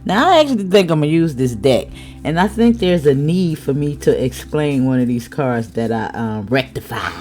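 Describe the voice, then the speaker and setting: A woman giving a casual tarot reading, chatty, with laughing asides and drawn-out exclamations. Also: very deep voice, animated, darkish tone, faint music behind. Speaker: tarot reader.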